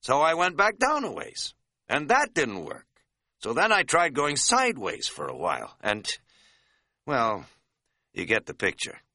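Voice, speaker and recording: A man's voice: mid-range voice, huge pitch swings, unhurried, pushed and bright, no echo, clean studio sound, pitched above the performer's own voice, heavily acted. A man voicing a rambling, folksy hiking buddy. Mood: rueful storytelling. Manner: folksy, rambling, self-mocking drawl. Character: scatterbrained middle-aged male hiking buddy, folksy and rambling. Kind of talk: audiobook character voice.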